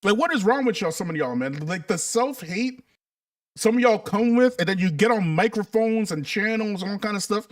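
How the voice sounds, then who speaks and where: A man's voice: high-pitched, expressive, moderate pace, no echo, clean studio sound, recorded from a distance. A man hosting a casual livestream, talking emphatically and a bit preachily, and calling his viewers "family" and "y'all". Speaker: livestream host.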